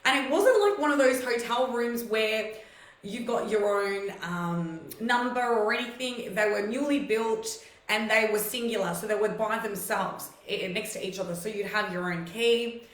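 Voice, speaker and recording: A woman's voice: medium pitch, moderate pace, roomy sound, low-quality recording. A woman hosting a live stream, telling personal stories in a casual, chatty way and greeting viewers by name.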